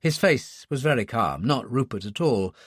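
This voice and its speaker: Male narrator, lively intonation, dry close sound, thriller audiobook. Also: medium pitch, moderate pace, slightly rough, no room sound. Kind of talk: scripted narration.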